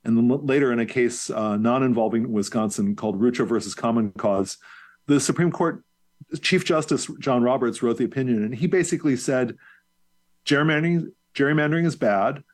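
A man's voice: medium pitch, a little fast, a little mellow. A male professor answering interview questions in a fluent, lecture-like way. His voice sits in a middle range for a man, and he uses the odd "um" or "uh" as he lays out his explanations. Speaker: professor and guest.

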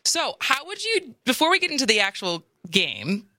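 Bright, dry-voiced woman radio host. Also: high voice, no room sound. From Wisconsin. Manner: lively, quick, some restarts. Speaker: radio talk show host. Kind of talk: radio talk show. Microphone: studio microphone.

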